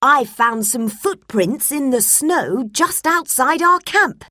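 A cheerful explorer father from a storybook, talking with enthusiasm, as a woman reading aloud puts him on. The voice stays only a little above her own, slow and dry, with a lively tone. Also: high-pitched, no room sound, voice pushed up, exaggerated voice. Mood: enthusiastic. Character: cheerful adult male explorer dad.

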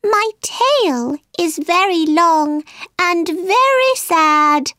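Brief: woman doing a huffy storybook mouse, quick to take offence; high and slow. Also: lively intonation, bright, forceful tone, no room sound, clean studio sound, heavily acted. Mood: plain. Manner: indignant, sulky. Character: touchy, quick-tempered male mouse.

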